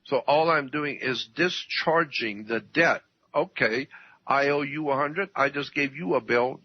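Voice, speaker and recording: A man explaining at length as a radio guest, emphatic, repeating his points and often clearing his throat. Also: medium pitch. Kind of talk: lecturing radio talk. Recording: dull dry radio audio.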